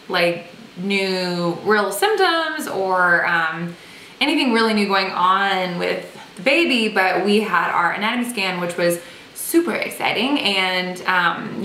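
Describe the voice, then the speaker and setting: A woman's voice: mid-range voice, bright, forceful tone. A young woman chatting and joking as she vlogs to her camera at home. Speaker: vlogger. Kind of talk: casual pregnancy vlog to camera. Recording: echoey room with faint hiss.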